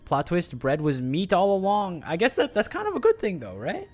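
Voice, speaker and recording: A man's voice: high-pitched, huge pitch swings, normal speed, soft background music. Rambling, chatty male streamer. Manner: rambling, chatty, many fillers and restarts. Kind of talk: casual gameplay commentary.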